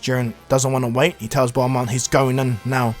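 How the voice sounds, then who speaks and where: A man loosely narrating a fan-made anime retelling, rambling and restarting as he goes. faint music plays quietly under his voice. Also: medium pitch, little pitch movement, moderate pace. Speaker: YouTube storyteller. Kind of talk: casual fan-fiction retelling.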